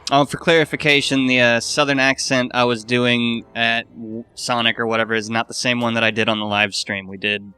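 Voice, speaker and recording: A man's voice: mid-range voice, flat delivery, a little fast, few pauses, bright, forceful tone, clean tone, faint music behind. A man co-hosting a let's play, chatting casually in a laid-back way with wry, dry remarks. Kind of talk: casual gaming commentary.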